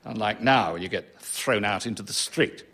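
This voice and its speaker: A man's voice: fairly low pitch, normal speed. A middle-aged man performing a comic monologue for a live audience, rambling, dry and self-pitying. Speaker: comic author performing a show. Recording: live stage recording with noise.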